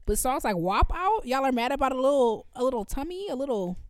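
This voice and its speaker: A young woman co-hosting a podcast, chatting casually, talking fast and laughing often. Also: sits high, very animated, dry recording, clean studio sound. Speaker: podcast co-host. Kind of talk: casual chat.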